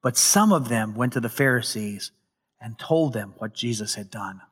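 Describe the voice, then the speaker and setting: A male pastor preaching a sermon, retelling a scripture story with dramatic emphasis and occasional loud peaks. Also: mid-range voice, animated, normal speed, breathy edge.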